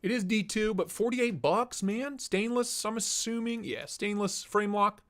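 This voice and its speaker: A young man chats casually on a live stream, his voice run through a voice changer that sits a touch high. He drifts between product talk and replies to chat, loose and easygoing. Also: measured pace, fairly bright tone. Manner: casual, chatty, reads out chat and laughs.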